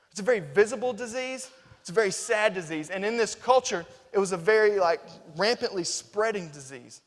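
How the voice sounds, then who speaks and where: A man preaching a sermon, swinging between loud, emphatic stretches and hushed, tender ones. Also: high-pitched. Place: church sanctuary. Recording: reverberant church hall.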